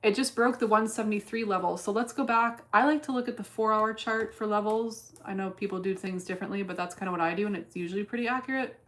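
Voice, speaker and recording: A woman's voice: medium pitch, fast, hardly any pauses. A woman streaming her day trading in casual chat, blunt and cursing freely as she thinks aloud. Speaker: livestreamer trading stocks.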